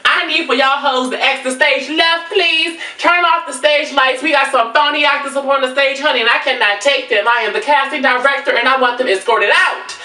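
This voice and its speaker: High, bright woman vlogger; brassy, dramatic rant delivery; echoey room, voice off-mic. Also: fairly even intonation, brisk, few pauses, distant mic. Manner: brassy and dramatic, calls listeners honey. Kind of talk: sassy storytelling rant.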